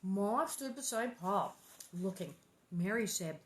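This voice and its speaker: A woman's voice: mid-range voice, animated, a little slow. A woman reading a children's book aloud, breaking off for squeamish, jokey asides. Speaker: reader.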